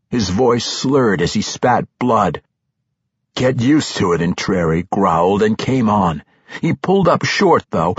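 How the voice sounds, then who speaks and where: A man reading a fantasy novel aloud as an audiobook narrator, with dramatic, expressive storytelling. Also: medium pitch, breathy edge, dry recording. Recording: slightly muffled audio.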